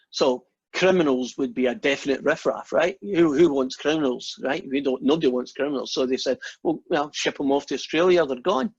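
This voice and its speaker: Husky man teaching a casual online class. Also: medium pitch. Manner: chatty, joking, with many fillers and restarts. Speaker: math teacher. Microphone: video call. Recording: dull lo-fi online call audio.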